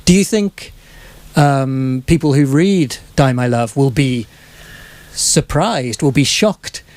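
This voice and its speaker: Sex: man. Role: event moderator. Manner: halting, with frequent "um"s, mid pitch. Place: bookshop event. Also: expressive, darkish tone, dry recording. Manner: halting, searching for words, many fillers. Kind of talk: live literary discussion.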